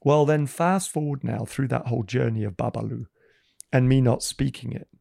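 A man telling a Christian testimony in conversation, animated and acting out the voices in his story. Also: medium pitch, normal speed, gravelly, dry recording, studio quality.

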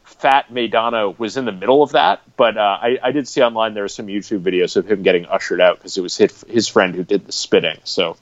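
Low-voiced man, rambling podcast guest, dull lo-fi sound. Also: brisk, few pauses, no echo. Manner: rambling anecdotal storytelling. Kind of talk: casual podcast chat.

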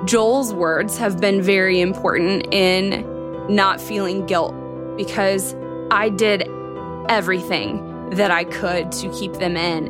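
A young adult woman telling her own story in an earnest, emotional, candid way, as a podcast guest. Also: on the low side. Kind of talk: personal storytelling. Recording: music bed behind the voice.

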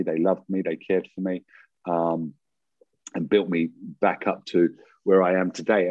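A man with a deep, husky voice recounts his story as an interview guest. He talks in quick, animated bursts and often trips over and restarts his sentences. The sound is dry and a little muffled. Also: no room sound. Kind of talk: personal storytelling.

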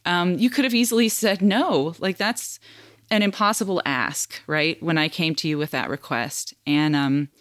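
A woman's voice: on the low side, moderate pace, a bit bright, no room sound. A woman co-hosting a podcast interview, speaking earnestly and heartfelt, close to tears. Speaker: podcast co-host.

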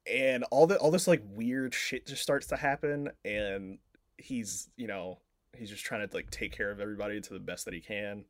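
A podcast co-host casually retells a film plot, rambling along with plenty of filler words and swearing. His voice is on the low side at a moderate pace, recorded with studio quality and no echo.

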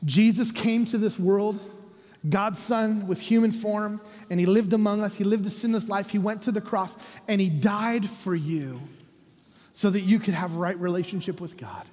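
A middle-aged North American man preaching a sermon as a pastor, with animated humor and lines that drop to a soft, quiet close. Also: high voice, normal speed. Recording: reverberant church hall.

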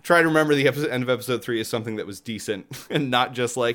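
A man's voice: medium pitch, very fast, fairly bright tone. Casual, profane man chatting games. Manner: chatty, swears freely, laughs often. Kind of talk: casual chat.

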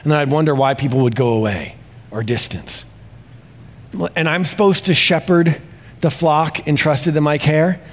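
A male pastor preaching a sermon in a confessional tone, swinging between hushed reflection and exclamation. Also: fairly high pitch.

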